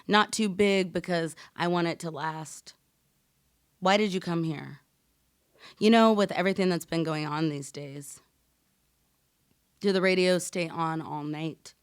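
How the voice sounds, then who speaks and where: Woman poet, live poetry reading, low voice, smooth and resonant, dry close sound. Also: no echo. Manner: measured, deliberate delivery.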